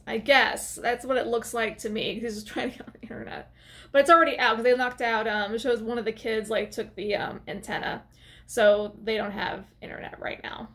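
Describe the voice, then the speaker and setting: High-voiced chatty woman reviewing a film. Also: a bit bright. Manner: chatty, sarcastic asides. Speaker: movie reviewer. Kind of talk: casual video review.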